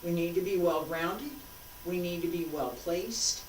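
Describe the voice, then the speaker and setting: A woman's voice: fairly low pitch, unhurried, slight background noise. A woman martial arts instructor talking a class through moves, patiently cueing each step as she demonstrates. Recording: roomy sound, mic far off.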